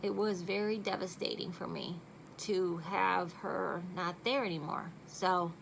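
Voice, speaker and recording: A woman's voice: fairly low pitch, a little slow, vocal fry, poor audio. Middle-aged woman, casual makeup tutorial, self-deprecating chatter, faint background noise. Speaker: makeup vlogger. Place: home at night.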